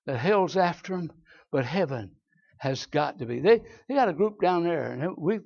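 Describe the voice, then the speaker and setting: A man with a Southern US accent preaching a sermon, telling folksy stories and swinging from low asides to shouted high points. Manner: folksy storytelling. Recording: dull lo-fi sermon recording.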